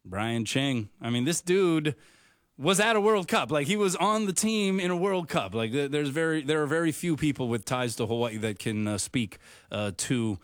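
A man's voice: fairly high pitch, expressive, moderate pace, dry recording, studio quality. Upbeat man hosting sports radio. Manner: laughs easily, fills with uh and um. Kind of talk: casual radio chat.

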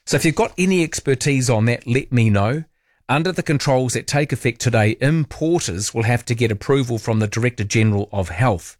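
A man's voice: medium pitch, a little fast, no room sound, clean studio sound. A man hosting talkback radio, chatty and opinionated, musing aloud with playful asides.

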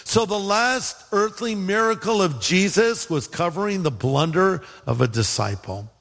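The voice is high-pitched and creaky, and the man speaks a little slowly. He is a pastor preaching with animated storytelling, playing the quoted characters and joking along the way, recorded with a long hall echo.

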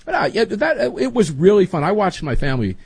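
Chatty middle-aged man, husky and lively. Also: high-pitched, brisk, no echo. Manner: chatty, rambling, emphatic. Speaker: podcast host. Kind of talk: casual chat.

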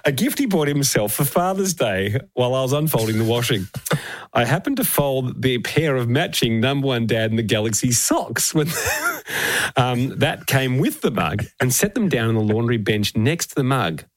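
Lively, playful man with a bouncing voice. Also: mid-range voice, normal speed, no room sound. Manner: playful, laughs often, voice swings up and down. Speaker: podcast co-host. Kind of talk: casual comedic chat, reading listener messages. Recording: dry close-mic studio sound.

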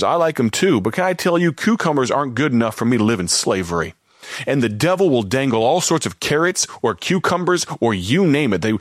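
A man's voice: fairly low pitch, no room sound, studio quality. A man preaching a radio sermon, pleading directly and earnestly with the listener.

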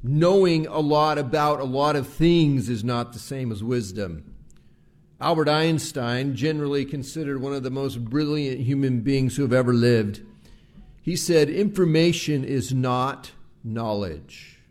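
A male pastor preaching a live Sunday sermon, measured and slowing to stress key words. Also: medium pitch, a little mellow. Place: church service recorded live.

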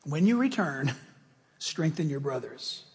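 A man voicing an earnest, gentle male teacher who speaks tenderly. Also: a little high, very animated, slow, pitched below the performer's own voice. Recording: long hall reverb.

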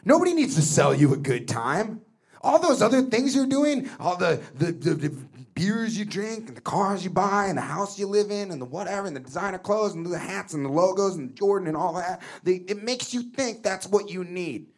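A man doing a stand-up set, rambling and emphatic, shouting his punchlines. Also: sits high, lively intonation, normal speed. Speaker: stand-up comedian.

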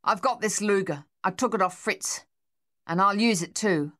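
A woman's voice: lowish voice, normal speed, fairly bright tone, clear, resonant tone, lightly acted. A woman voicing a shaken young male Australian soldier, pleading and raw with despair. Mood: distraught.

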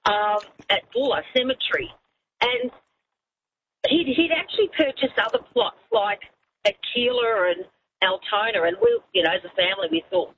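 A woman's voice: a little high, moderate pace, highs cut off, slight background noise. A woman calling in to talkback radio, telling a story hesitantly. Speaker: caller.

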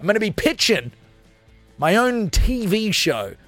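A male radio host in full comic rant mode, animated and jokey. His voice sits very high for a man, and he talks into a studio mic. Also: measured pace, no room sound, soft background music.

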